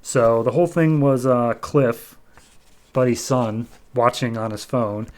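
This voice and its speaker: A man's voice: mid-range voice, a little slow, a little mellow. A man hosting a podcast, casually retelling a comic issue in a loose, chatty way. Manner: conversational, loose storytelling with frequent "he's like". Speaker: podcast host. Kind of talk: casual comic book recap.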